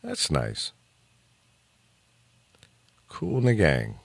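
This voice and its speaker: A man's voice: rumbling low, very slow, gravelly, no room sound. A man hosting a talk show, chatting casually and giving opinions with plenty of restarts and chuckles. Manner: opinionated, animated, chuckles often, frequent restarts. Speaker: radio talk show host.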